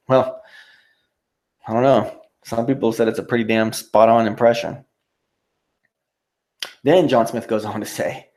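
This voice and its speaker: A man's voice: medium pitch, steady tone, a little slow, long pauses, a little mellow. A man hosting his own livestream, ranting in a profane, mocking, rambling way. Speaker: YouTube livestreamer. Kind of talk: casual livestream rant.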